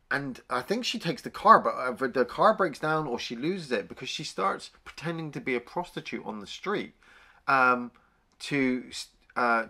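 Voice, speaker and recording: A man co-hosting a film review podcast in casual chat, animated, swearing freely and acting out scenes. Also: medium pitch, husky. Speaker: podcast co-host.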